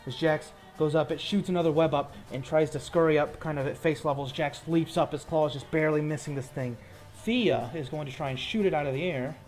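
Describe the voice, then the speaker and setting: A man's voice: on the high side, a little fast, a little mellow, faint music behind. Man running a tabletop game. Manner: casual, descriptive narration with rules talk. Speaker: game master.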